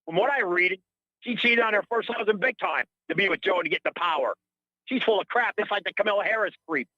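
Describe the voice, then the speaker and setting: Fast, high-pitched ranting man caller. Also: dry recording, highs cut off. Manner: rambling, indignant, repeats himself. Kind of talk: heated call-in rant.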